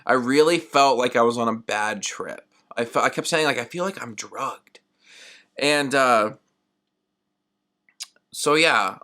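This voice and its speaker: Young male solo podcaster, bright tone, chatty and rambling, acts out his own lines. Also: mid-range voice, a little slow, long pauses. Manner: rambling and animated, heavy use of "like"; acts out his own past words in quoted asides. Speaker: podcast host.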